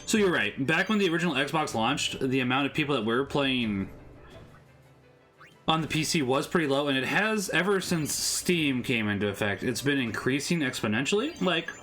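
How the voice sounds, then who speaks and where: A man's voice: mid-range voice, lively intonation, normal speed, fairly bright tone, soft background music. A man co-hosting a casual game stream, chatting and answering viewers' comments. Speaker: streamer co-host. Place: home streaming setup.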